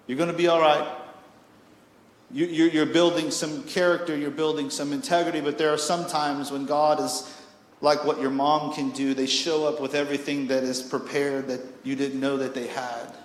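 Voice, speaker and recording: A young man preaching a sermon as pastor, telling stories in an animated, joking way and acting out voices, sometimes rising to near shouts. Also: a little high. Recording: echoey hall with long reverb.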